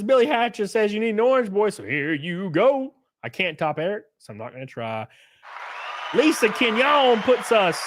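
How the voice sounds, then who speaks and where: A man's voice: sits high, a bit bright, no echo, studio quality. A man hosting a casual live stream, rambling through effusive thanks to viewers and reading a story aloud.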